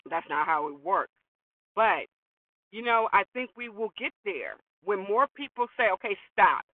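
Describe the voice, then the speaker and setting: A man's voice: sits high, expressive, a little slow, no room sound. A man hosting a talk show, giving an emphatic opinion monologue that is full of repeated words and rhetorical questions. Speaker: podcast host. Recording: tinny phone-like sound from far off.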